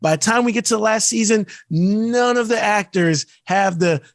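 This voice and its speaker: A podcast co-host whose voice sits high, recorded without room sound. He's ranting and animated in casual chat, slipping into mocking put-on quotes of actors.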